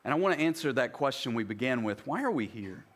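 A man's voice: medium pitch, very animated, fast, slightly rough. A middle-aged man pastor preaching a sermon in a conversational way, reading scripture aloud and then explaining it.

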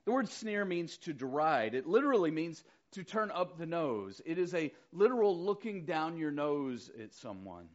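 Lively middle-aged male preacher. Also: a little high, normal speed, few pauses, lo-fi sound. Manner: conversational, animated storytelling preacher. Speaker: pastor. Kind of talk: sermon.

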